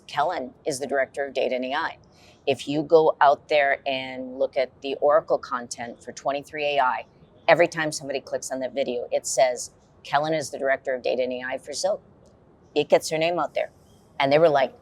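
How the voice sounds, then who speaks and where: Woman chatting on a podcast panel, super low voice, dry joking storyteller. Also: fairly even intonation, fairly quick, darkish tone. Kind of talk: casual panel chat.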